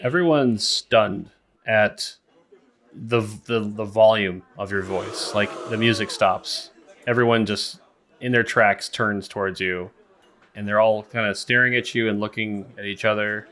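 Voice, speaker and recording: A man's voice: fairly low pitch, fairly even intonation, a little slow, a bit bright. A man narrating a tabletop game as game master, rambling with many fillers.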